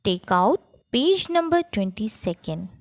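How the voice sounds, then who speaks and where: A woman teacher with an Indian English accent, talking children through a grammar lesson in a slow classroom manner. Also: medium pitch, very animated. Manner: slow, sing-song classroom delivery. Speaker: school teacher.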